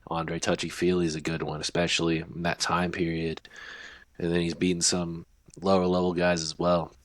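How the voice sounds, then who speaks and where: A man co-hosting a fight podcast, calmly giving analytical predictions in casual chat. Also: sits low, moderate pace, no room sound. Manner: steady, analytical breakdown. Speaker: podcast co-host.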